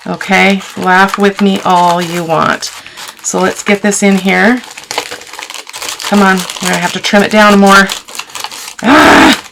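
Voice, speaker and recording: A craft channel host runs a casual tutorial, chatting to her viewers and teasing herself as she works. Her medium-pitched voice is gravelly, a little slow, and shows little pitch movement, with background noise present.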